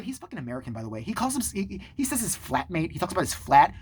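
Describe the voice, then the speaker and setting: A man hosting his own channel, telling a story to the camera in a sarcastic, profane, animated way. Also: high voice, rapid-fire, hardly any pauses, husky. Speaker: channel host.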